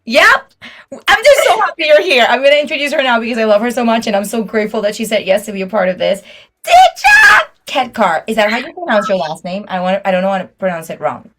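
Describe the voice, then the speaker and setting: Woman podcast host, casual chat, giggly and rambling, raised pitch. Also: animated, fast talker, fairly bright tone, slight background noise.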